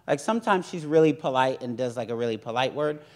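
A young man preaching a sermon in a lively, joking way, acting out the voices of others. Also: mid-range voice, fast.

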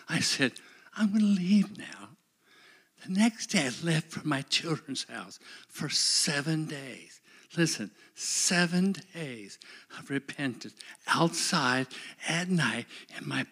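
A middle-aged man preaching a sermon, dramatic and emotional, swinging from shouts down to whispers. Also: on the high side, slightly rough.

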